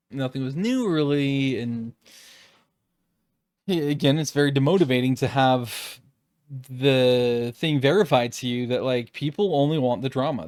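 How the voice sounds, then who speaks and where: A man vlogging off the cuff, rambling and circling back on himself, with curse words scattered through his talk. His voice sits at a middle pitch for a man. It sounds close and dry, with no room echo. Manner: rambling, profane, exasperated. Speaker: YouTube creator. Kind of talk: unscripted reflective monologue.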